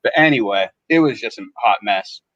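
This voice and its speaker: A man's voice: on the low side, animated, normal speed, a bit bright, dry recording. A man, a podcast co-host, telling a story in casual chat and acting out other people's lines in shifting voices. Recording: dull lo-fi sound.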